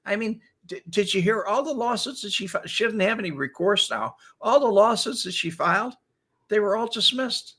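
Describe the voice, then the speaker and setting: An older man hosting a casual talk show, telling animated stories and laughing often as he acts out quotes. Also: sits high, moderate pace, husky. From Chicago area. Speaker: show host. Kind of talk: casual storytelling chat.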